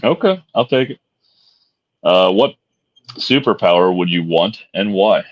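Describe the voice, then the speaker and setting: A man's voice: low voice, expressive, measured pace, dry recording. A man co-hosting a podcast in casual chat, laid-back, swearing and joking as he asks questions. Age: adult. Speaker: podcast co-host asking questions. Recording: dull dry lo-fi sound.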